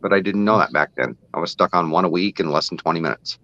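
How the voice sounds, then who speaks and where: Deep-voiced man on a dull, dry mic. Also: fast talker, pushed and bright, dry recording. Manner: rambling explainer, many fillers. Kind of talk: casual live-stream chat.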